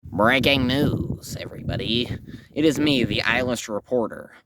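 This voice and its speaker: A man's voice: medium pitch, moderate pace, background noise, natural voice. A man playing a bumbling male news reporter in an amateur comedy skit, rambling in a mock-solemn way.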